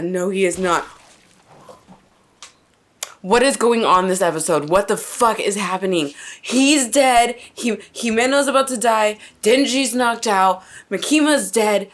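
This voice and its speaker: A woman's voice: mid-range voice, measured pace. A woman hosting an anime reaction, reacting live with stunned questions, exclamations and free swearing.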